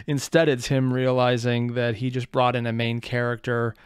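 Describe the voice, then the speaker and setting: A man's voice: medium pitch, little pitch movement, moderate pace, clean tone, dry recording. A man hosting a reaction video, making wry, rambling asides in casual commentary.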